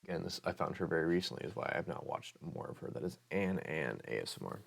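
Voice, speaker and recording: A very deep, husky, creaky voice with a sing-song lilt moves at a quick pace. It belongs to a young ASMR host in a Pokemon-filled room, rambling hesitantly about other creators with many fillers while his voice sounds a little off.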